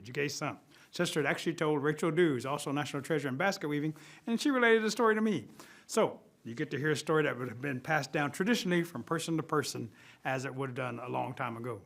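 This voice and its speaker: Guy telling an old animal story, folksy and lively, voice a bit high. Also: gravelly. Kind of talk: traditional storytelling.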